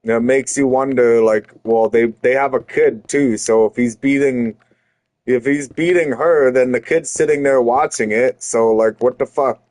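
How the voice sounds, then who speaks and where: A man's voice: mid-range voice, normal speed, dry recording. A man streaming, telling an angry story with constant swearing and heated retorts. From Canada. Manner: heated, profane, rising to shouted retorts.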